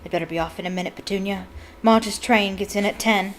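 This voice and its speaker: A woman's voice: medium pitch, fairly even intonation, a little fast, a little hiss or hum, natural voice. A woman reading aloud as a blustering, bullying middle-aged uncle who barks and snarls his threats. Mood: brusque.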